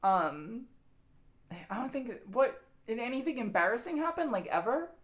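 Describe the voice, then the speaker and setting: A woman's voice: on the high side, very animated, moderate pace. A young adult woman streamer chatting casually with her viewers, rambling and swearing freely.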